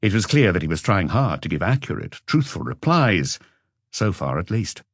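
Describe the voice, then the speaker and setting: A man reading a detective novel aloud as an audiobook narrator, in a calm, measured way. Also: low voice, dry recording, studio quality. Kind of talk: scripted narration.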